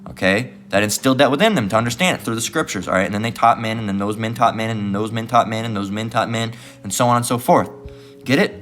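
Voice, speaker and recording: A man's voice: lowish voice, quick pace, a bit bright, soft background music. A man preaching and reading scripture in a heated, profane way, tagging nearly every phrase with "all right" and mocking the voices of his opponents. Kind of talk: street-style religious teaching.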